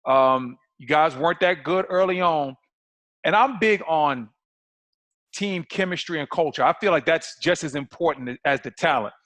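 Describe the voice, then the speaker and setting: A man co-hosting a podcast, chatting in a lively, slangy way and acting out old exchanges. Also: a little high, normal speed. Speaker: podcast co-host. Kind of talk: casual interview chat.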